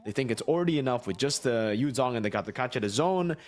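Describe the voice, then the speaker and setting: Male color caster, average pitch, analytical and explanatory, tags his points with "right?". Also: lively intonation, fast talker. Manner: analytical, explains strategy in long runs, asks rhetorical "right?". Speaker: esports co-caster. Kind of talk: live esports analysis.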